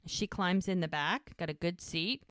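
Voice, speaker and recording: A woman's voice: fairly low pitch, moderate pace, fairly bright tone, no room sound, studio quality. Woman recapping a TV episode casually. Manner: retells scenes, slipping into quoted dialogue. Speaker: podcast co-host.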